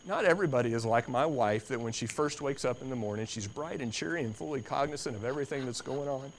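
Guy preaching a sermon, emphatic, repeats stuff for effect, goes quiet then loud, normal pitch. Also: quick pace, a little hiss or hum. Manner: emphatic, repeating phrases for stress; builds from quiet to loud, dramatic.

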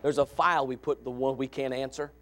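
A man's voice: medium pitch, steady tone, a little fast, sharp tone. A middle-aged man preaching a sermon, emphatic and impassioned, with joking asides.

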